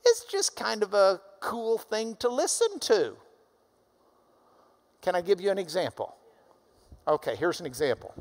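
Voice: mid-range voice, very animated, unhurried, pauses often, darkish tone. A Bible teacher giving a conversational classroom lesson, explaining terms with friendly asides.

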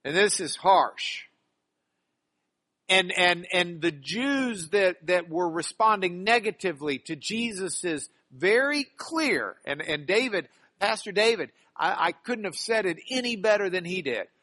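A man's voice: high-pitched, expressive, unhurried, few pauses, pushed and bright. A man preaching a sermon, rambling and often repeating and restarting his words.

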